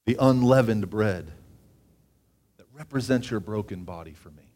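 A man preaching a sermon, reading scripture aloud with asides and often rising in pitch and volume for emphasis. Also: moderate pace, long pauses, a little mellow.

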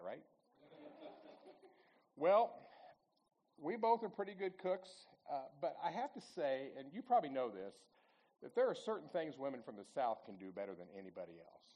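A man's voice: medium pitch, muffled recording. Folksy man in his sixties telling stories. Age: 60s. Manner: folksy, chatty, asks the audience questions. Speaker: lay speaker giving a church talk. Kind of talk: storytelling testimony talk.

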